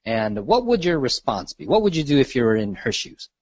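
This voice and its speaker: This man's voice is medium in pitch, sing-song, a little fast, a little mellow and slightly rough, with no room sound. Running a live real estate marketing training call, he chats with the group, repeats questions and tosses in "right?" or "okay?" after nearly each point.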